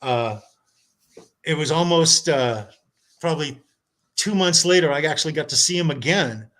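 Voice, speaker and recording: A man with a slightly raised voice spins a long story in casual chat, bouncing between loud excitement and hushed asides. He acts out what others said and talks over a video call. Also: a little high, normal speed. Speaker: podcast guest.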